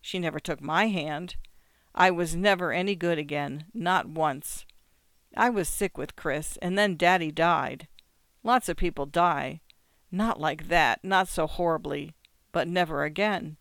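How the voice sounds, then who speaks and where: A storyteller voicing a tormented husband in a short story, with a quiet, pleading delivery. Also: medium pitch, measured pace, no room sound. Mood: pained. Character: grieving husband, tormented and haunted.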